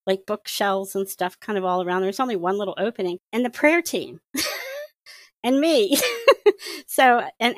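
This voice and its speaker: A woman guest recounting her past as a witch in casual storytelling, animated and laughing often as she acts out her own thoughts. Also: mid-range voice, no echo. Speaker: interview guest, former witch. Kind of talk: personal testimony, casual storytelling.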